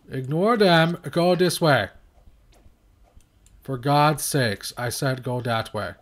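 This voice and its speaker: A young man giving rambling, self-mocking commentary while playing and reviewing a strategy game, now and then shouting at his units. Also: mid-range voice. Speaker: gaming video reviewer. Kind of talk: casual gameplay commentary.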